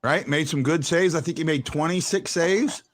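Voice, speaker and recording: On a casual postgame sports talk show, the male host speaks at a moderate pace with a voice on the high side. He hits his points hard when arguing and frequently stumbles into stammering restarts.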